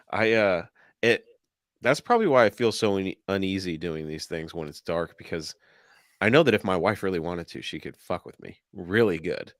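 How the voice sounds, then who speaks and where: A man with a low voice co-hosts a casual podcast, chatting loosely and laughing often as he talks. His speech is peppered with swearing. The sound is dry and close, with no room around it. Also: lively intonation, moderate pace, fairly bright tone, no echo. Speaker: podcast co-host. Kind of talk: casual chat.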